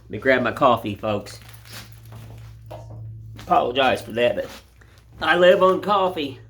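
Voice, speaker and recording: A man's voice: mid-range voice, animated, unhurried, a bit bright, a little hiss or hum. Folksy rambling man. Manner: folksy, rambling, plain-spoken. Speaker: woodcarving vlogger. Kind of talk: casual chat while whittling. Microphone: phone camera.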